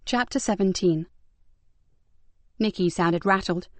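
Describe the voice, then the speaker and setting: A woman narrating a crime audiobook in an even, matter-of-fact way. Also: mid-range voice, takes it slowly, no echo. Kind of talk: scripted narration.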